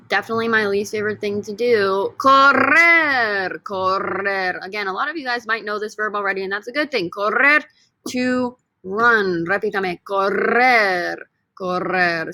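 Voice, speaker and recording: Bright, playful woman teaching a lesson. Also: mid-range voice, dry recording. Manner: playful and upbeat, jokes with students. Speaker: Spanish teacher. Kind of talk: vocabulary lesson with repeat-after-me drills.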